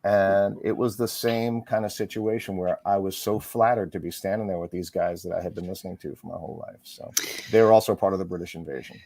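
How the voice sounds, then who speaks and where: A middle-aged man, a musician and author, chatting as an interview guest, rambling quickly through stories with lots of fillers. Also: low-pitched, fairly even intonation, darkish tone, dry recording. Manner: fast, rambling storyteller with frequent fillers. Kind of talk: casual interview chat.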